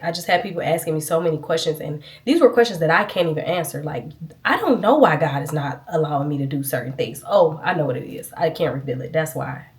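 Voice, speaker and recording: A woman giving a casual, earnest faith testimony to her viewers, sniffling a little as she talks. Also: low voice. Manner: earnest, chatty, addresses viewers as y'all. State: sniffling, itchy nose. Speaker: vlogger.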